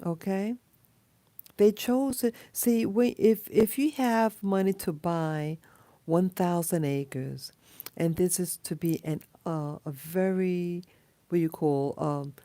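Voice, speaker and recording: A woman speaks in an unhurried, rambling monologue, low in pitch and mellow in tone. She trails off often, restarting phrases and filling gaps with ums and uhs. The sound is dry and close. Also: no echo. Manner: rambling, halting with many fillers and restarts. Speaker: video blogger. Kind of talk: casual monologue to camera.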